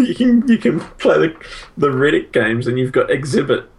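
A man's voice: on the high side, big pitch swings, normal speed, creaky. A man chatting casually about old video games, enthusiastic and rambling, full of fillers and restarts.

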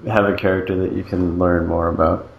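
A man's voice: sits low, level tone, brisk, gravelly. A man co-hosting a casual podcast in an easygoing, agreeable way, with dry humour. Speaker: podcast co-host. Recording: echoey room sound.

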